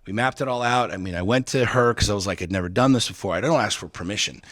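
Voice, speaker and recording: A man's voice: on the low side, fast talker, a bit bright, no echo, studio quality. A middle-aged man casually telling a story on a podcast, swearing freely and getting heated when he retells arguments. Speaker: podcast guest.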